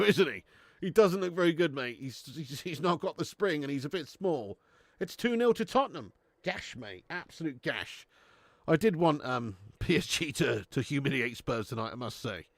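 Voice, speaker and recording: A man's voice: mid-range voice, fairly bright tone, dry recording. A man hosting a live football watch-along, reading out viewers' comments, swearing and laughing in laddish banter.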